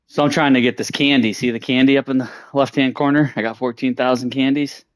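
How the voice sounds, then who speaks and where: A man's voice: medium pitch, steady tone, moderate pace, dry recording. A man telling a story casually, rambling and profane, with many fillers and restarts.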